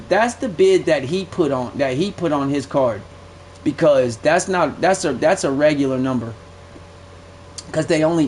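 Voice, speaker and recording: Profane high-voiced male game streamer. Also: slight background noise. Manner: blunt, profane, easily aggravated. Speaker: gaming streamer. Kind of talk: live gameplay commentary.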